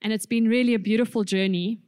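Woman preacher, chatty and informal, fairly high voice, dry close sound. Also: fairly even intonation, fast, darkish tone, clean tone, dry recording. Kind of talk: sermon introduction. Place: church.

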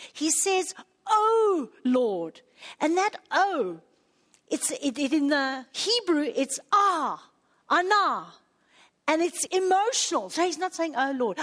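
A middle-aged woman preaching a sermon, emotional and swinging between hushed, slow passages and urgent appeals. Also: very high-pitched.

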